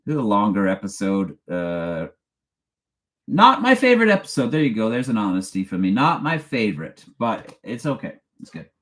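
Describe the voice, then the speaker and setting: A man's voice: lowish voice, very animated, moderate pace, a bit bright. A man, hosting a casual live-stream chat in a rambling, chatty way and laughing often as he reads viewer questions aloud. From Canada. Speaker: true crime channel host.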